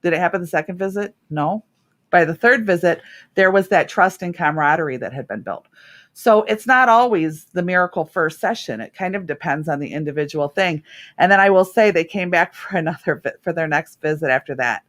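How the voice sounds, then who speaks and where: A woman's voice: on the low side, fairly quick. Earnest middle-aged woman host. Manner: earnest, warm storytelling with laughs. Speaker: radio show host and therapist. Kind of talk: casual radio talk.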